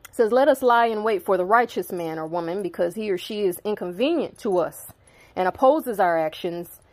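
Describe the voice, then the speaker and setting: A woman's voice: medium pitch, lively intonation, fairly quick, a little mellow. A woman reading Bible verses aloud and breaking off to explain them in casual asides. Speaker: preacher reading scripture. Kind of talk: informal Bible reading with commentary.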